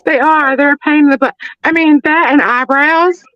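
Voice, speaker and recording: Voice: high voice, steady tone, moderate pace, highs cut off. A drag performer guest, laid-back and hesitant, repeating words. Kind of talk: casual chat.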